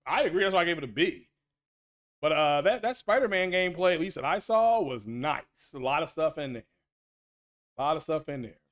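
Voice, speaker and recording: A man with a fairly high voice talks loosely and animatedly, circling back over his points and repeating lines for emphasis. He sounds middle-aged and speaks as the host of his own casual gaming stream, reacting to chat as he goes. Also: brisk. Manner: animated, rambling, repeats himself, reads chat names aloud. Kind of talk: casual solo stream commentary.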